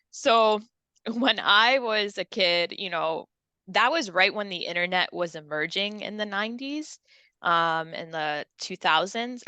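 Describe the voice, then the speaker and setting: A woman's voice: medium pitch, bright, forceful tone, no room sound. A woman in her thirties, a language teacher, chatting in an interview, upbeat and laughing often as she demonstrates sounds. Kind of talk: casual interview chat.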